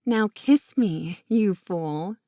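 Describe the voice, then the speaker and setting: A woman narrator voicing a playful young heroine, lifted and teasing with a gravelly edge, close and dry. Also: mid-range voice, very slow, warm tone, no room sound.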